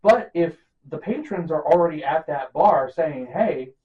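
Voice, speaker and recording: A man's voice: on the high side, lively intonation, a little slow, husky, no echo, narrow, tinny audio. A man hosting a podcast in casual chat, rambling with many fillers and self-mocking jokes. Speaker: podcast host.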